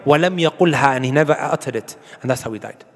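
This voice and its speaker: A man's voice: medium pitch, racing, big-room sound. A man preaching a sermon to an audience, emphatic and full of rhetorical questions, with Arabic quotations. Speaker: Islamic preacher.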